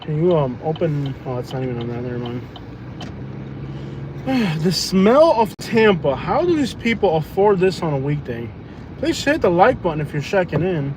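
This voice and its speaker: Guy rambling on a phone livestream from his car, kinda high voice, lots of road noise. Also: sing-song, normal speed. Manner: rambling, joking, loose. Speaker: food delivery driver streaming live. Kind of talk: casual livestream chat while driving. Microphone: phone on live stream. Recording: noisy car cabin.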